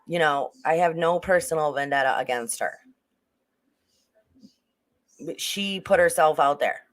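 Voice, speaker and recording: Livestream host, casual true-crime commentary, rambling, many restarts, chats to viewers, mid pitch. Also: measured pace, fairly bright tone. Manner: rambling, with frequent restarts and asides to the chat.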